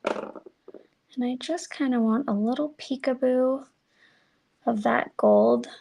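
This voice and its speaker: A woman's voice: fairly high pitch, creaky, a little hiss or hum. A woman giving a chatty, self-deprecating crafting demo, talking to viewers as she works. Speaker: card-making demonstrator.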